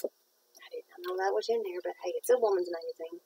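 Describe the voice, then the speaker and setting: Chatty woman with a gravelly voice. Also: fairly low pitch, brisk, mellow, slight background noise, poor audio. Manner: rambling, chatty, folksy. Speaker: craft vlogger. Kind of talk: casual chat while crafting.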